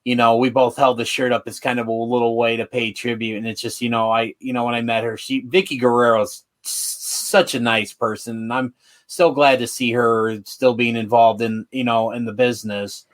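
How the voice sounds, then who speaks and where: Man, podcast co-host, halting speech, many restarts, middle pitch. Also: level tone. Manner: halting, full of restarts and fillers. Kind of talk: casual podcast chat.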